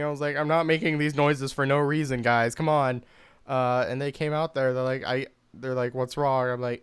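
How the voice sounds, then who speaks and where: A man's voice: medium pitch, level tone, moderate pace, clean tone, dry recording. A young man telling a personal story in a loose, rambling way, full of swearing, fillers and restarts. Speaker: commentary YouTuber. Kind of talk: casual storytelling.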